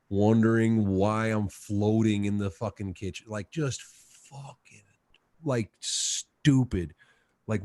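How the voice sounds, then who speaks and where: A man's voice: fairly low pitch, dry recording, studio quality. A man telling a story in a casual chat, full of laughter and swearing. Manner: laughing, profane, animated storyteller. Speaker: podcast guest.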